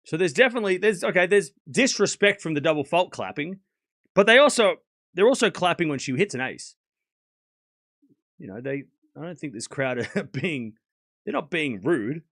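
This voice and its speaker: A very animated man with a fairly high, somewhat bright voice hosts a live tennis watchalong at a moderate pace. He gives a chatty play-by-play of points, reads donations aloud to thank donors, and often laughs.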